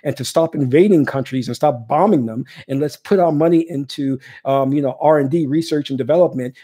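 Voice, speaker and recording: A woman's voice: deep voice, a little fast, dark tone, slightly rough. A woman spiritual coach giving an impassioned monologue, emphatic and repetitive, pleading with her listeners.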